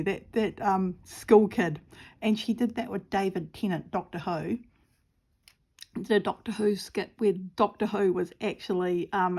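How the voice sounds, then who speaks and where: A woman's voice: mid-range voice, vocal fry, a little mellow. A woman chatting casually while crafting at home, rambling and giggly with plenty of fillers. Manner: rambling, giggly and self-deprecating, lots of fillers. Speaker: craft channel host.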